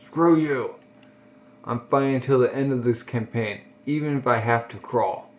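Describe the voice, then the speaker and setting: A man's voice: mid-range voice, fairly even intonation, a little fast, natural voice. A man reading as a grim, brooding mercenary. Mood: gruff. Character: grim battle-worn young male mercenary. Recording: dull lo-fi recording.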